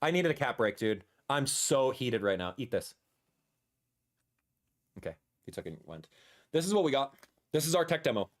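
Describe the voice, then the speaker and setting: A man in his thirties reacting live on a stream, excitable and animated, repeating himself as he talks, sometimes dropping to a soft murmur. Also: medium pitch, moderate pace, long pauses. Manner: drops to a soft murmur when talking to his cat. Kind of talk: livestream reaction commentary.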